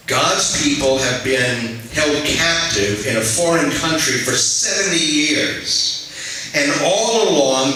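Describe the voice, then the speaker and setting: Bright-voiced male pastor in an echoey church. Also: a little high. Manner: conversational preaching, asks the congregation questions. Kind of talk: sermon. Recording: echoey hall, mic at a distance.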